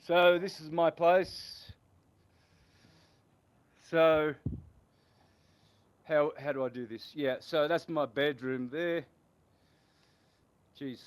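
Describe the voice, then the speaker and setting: A man in his sixties, a podcast guest telling rambling, animated anecdotes. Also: on the high side, drawn-out words, long pauses. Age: 60s. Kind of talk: casual storytelling interview.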